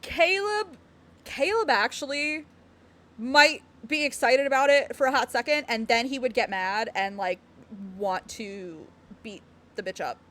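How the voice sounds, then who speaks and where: A woman in casual live-stream chat from home, her voice sitting high. She rambles, giggles often and turns to address her chat as she goes. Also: expressive, measured pace, fairly bright tone.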